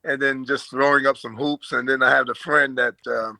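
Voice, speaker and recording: An older man from Brooklyn with an American accent and a slight Australian twang, chatting as an interview guest and telling stories in a relaxed way with fillers and chuckles. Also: mid-range voice, normal speed, vocal fry, no echo, poor audio. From Brooklyn, New York. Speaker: guest, former basketball player. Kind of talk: casual storytelling in an interview.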